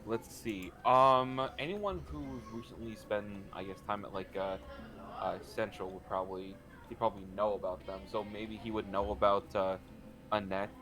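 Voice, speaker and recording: Casting: male tabletop player, bright and forceful tone, jokey and halting. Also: fairly low pitch, steady tone. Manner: jokey, stumbling restarts. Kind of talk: casual tabletop game chat.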